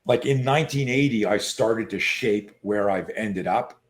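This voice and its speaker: A man being interviewed as a self-defense coach, telling stories in a lively casual way and acting out what people said. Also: fairly low pitch, unhurried. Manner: animated storyteller who acts out quoted voices; frequent fillers and restarts.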